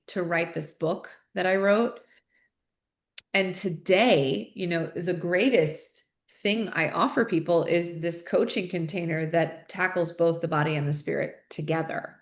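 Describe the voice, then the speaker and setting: Heard in an echoey room, a woman with a low-leaning voice appears as a podcast interview guest. An author and coach, she comes across as earnest and candid, repeatedly restarting her thoughts and repeating words while thinking aloud.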